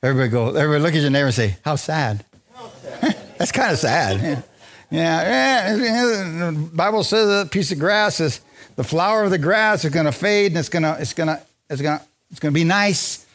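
A man preaching a lively, joking sermon in a church, drawing responses from the congregation. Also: on the high side, brisk. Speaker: pastor. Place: church sanctuary.

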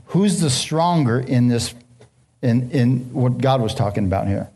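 Husky-voiced man preaching. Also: mid-range voice, normal speed, mellow. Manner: preaching with storytelling and questions to the audience. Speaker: pastor. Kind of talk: sermon.

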